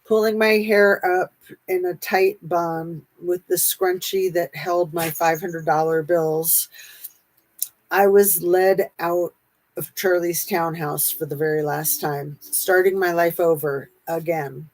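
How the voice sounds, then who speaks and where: Slow, low-voiced woman reading aloud. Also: fairly even intonation, darkish tone, low-quality recording. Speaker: channel host reading a memoir aloud.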